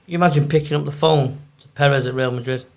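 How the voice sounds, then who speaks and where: A man, a football agent chatting in an interview, telling animated stories. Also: mid-range voice, fast talker. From Manchester, England. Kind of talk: casual storytelling interview.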